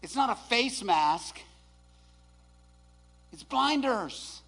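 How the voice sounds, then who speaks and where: A man preaching a sermon in a high, bright voice. He moves slowly through his points, sinking into quiet, hushed asides and then climbing into shouted declarations. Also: expressive.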